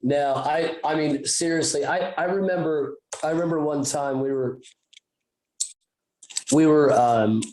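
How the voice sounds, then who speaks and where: A man's voice: on the high side, a little slow, a little mellow. A man rambles through a story on a podcast. He swears freely and keeps stopping and restarting his sentences. His voice echoes around the room. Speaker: podcast co-host. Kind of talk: casual chat.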